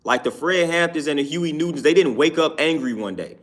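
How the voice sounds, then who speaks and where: A man with a fairly high, animated voice talks fairly quickly through his views on his own YouTube show. The casual opinion talk is emphatic and repetitive, peppered with "you know what I'm saying."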